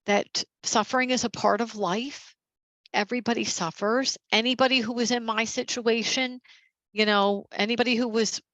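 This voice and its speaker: Gentle woman leading an online workshop. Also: medium pitch, no echo, rough recording. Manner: gentle, encouraging, conversational with fillers. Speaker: caregiver support educator.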